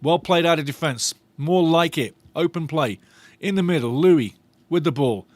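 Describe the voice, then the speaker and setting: A man giving excited live match commentary as a fan on a watch-along stream, animated, repeating his phrases and laughing often. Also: a little high, moderate pace, no room sound.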